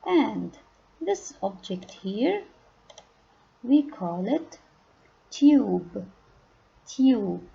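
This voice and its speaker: A woman teaching a phonics lesson to young children, speaking patiently and stressing each target word loudly. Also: a little high, sing-song, drawn-out words, vocal fry, pauses often, slightly rough, lo-fi sound. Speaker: kindergarten English teacher.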